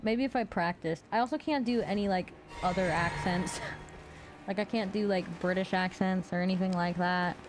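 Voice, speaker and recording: A woman's voice: lowish voice, moderate pace, music in the background. A young woman streaming a game live, chatting playfully and swearing often. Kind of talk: live gameplay commentary.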